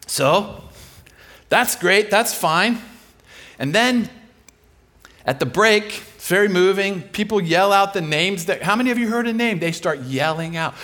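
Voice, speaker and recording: A man's voice: sits high, fairly bright tone. A man preaching a sermon, telling a story with energy and acting out the people in it. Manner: acts out the people in his stories.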